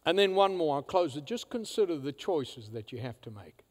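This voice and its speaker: High, lively-voiced preacher in a reverberant church. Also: male voice, moderate pace. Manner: emphatic, swinging from loud declarations to hushed asides. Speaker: pastor. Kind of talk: sermon. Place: church sanctuary.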